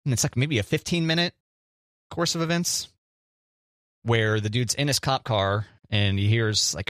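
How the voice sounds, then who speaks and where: A man's voice: lowish voice, moderate pace, fairly bright tone, no echo, clean studio sound. A man co-hosting a casual chat show, a jokey rambling storyteller who hums little sound effects. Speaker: podcast co-host.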